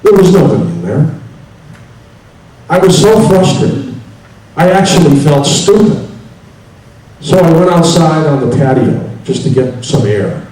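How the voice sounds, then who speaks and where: A man voicing a jealous husband in a joke, telling his story in a low, deadpan way. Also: a little slow, long pauses. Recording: echoey hall from far off, faint hiss.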